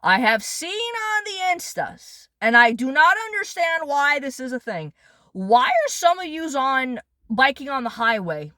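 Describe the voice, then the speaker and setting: High-voiced, foul-mouthed woman ranting. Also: sing-song, measured pace, sharp tone, no room sound, clean studio sound. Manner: blunt, sarcastic, swears a lot. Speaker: vlogger. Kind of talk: angry profane rant.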